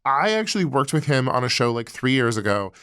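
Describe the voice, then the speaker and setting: A man guesting on a podcast, telling a story in a chatty, wry way with halting restarts. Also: mid-range voice, sing-song, a bit bright, smooth, no room sound, clean studio sound. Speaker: podcast guest, comedy writer. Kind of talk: casual chat.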